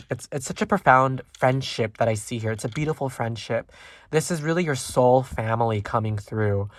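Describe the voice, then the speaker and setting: Rambling, gentle tarot reader, mid-pitched voice. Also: no echo. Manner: rambling, full of ums and likes, thinking aloud; gentle and reassuring toward viewers. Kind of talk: casual pick-a-card tarot reading.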